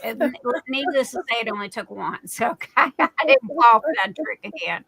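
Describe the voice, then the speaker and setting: A woman's voice: a little high, animated, moderate pace, gravelly, a bit bright, husky, no echo. A middle-aged woman from Southern Arizona hosting a live stream, chatting casually and telling stories with laughs. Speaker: livestream host.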